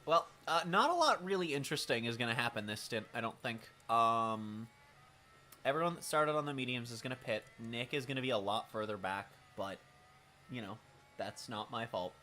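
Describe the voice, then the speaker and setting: A man streaming a racing management game, talking casually with a raspy, smoker-like voice, swearing and making wry remarks as he thinks aloud. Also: mid-range voice, animated, moderate pace, bright, forceful tone, a little hiss or hum. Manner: profane, wry, thinking aloud while playing. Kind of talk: casual live-stream commentary.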